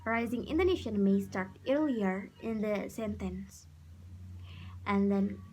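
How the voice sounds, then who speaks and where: Slow-reading young woman presenting a lesson. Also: mid-range voice, mellow, slight background noise, low-quality recording. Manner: slow, careful reading with restarts. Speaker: student presenter.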